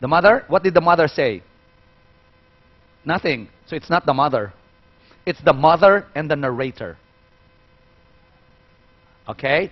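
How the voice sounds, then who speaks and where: A man leading a storytelling workshop in a playful, demonstrative way, quizzing his audience. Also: fairly high pitch. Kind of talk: interactive workshop lecture. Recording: muffled, dull recording.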